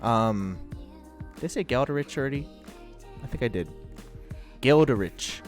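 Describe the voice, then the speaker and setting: A man's voice: medium pitch, expressive, unhurried, soft background music. A man in his thirties streaming live, chatting casually, laughing and trying out rap voices.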